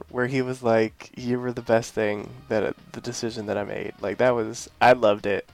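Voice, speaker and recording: A man's voice: mid-range voice, little pitch movement, normal speed, vocal fry, hardly any pauses, no echo, faint music behind. A man co-hosting a podcast in casual chat, enthusiastic and playfully teasing. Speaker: podcast co-host.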